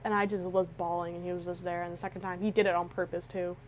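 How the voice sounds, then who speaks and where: On poor audio with a bit of hiss or hum, a young vlogger close to tears rambles through a personal story, restarting often and using many fillers. Her voice is lowish and flat, and she talks fast.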